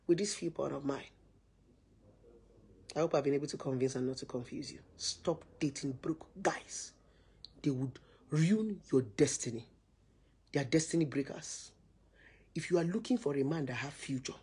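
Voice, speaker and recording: A Nigerian woman with a Nigerian accent giving a forceful, preachy to-camera rant full of repeated rhetorical questions. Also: sits low, breathy edge. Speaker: social media commentator.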